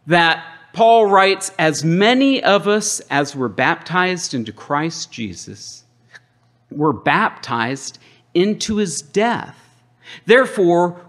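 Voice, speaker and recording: A middle-aged man preaching a sermon as pastor, emphatic, with dramatic pauses and call-and-response with the congregation. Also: a little high, a bit bright.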